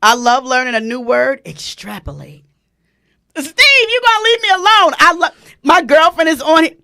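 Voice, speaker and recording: A woman hosting a relaxed radio talk show, with a fairly high, bright voice. Her pitch swings widely as she talks. She gets excitable and exclaims loudly, often pausing to spell words out or read comments from the chat. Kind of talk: lively casual chat.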